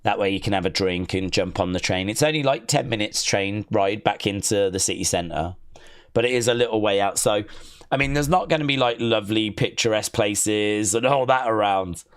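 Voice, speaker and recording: A man's voice: fairly low pitch, moderate pace, clear, resonant tone. A man hosting a wrestling watch-along stream, chatting casually, rambling and reading out viewer comments. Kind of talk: casual live-stream chat.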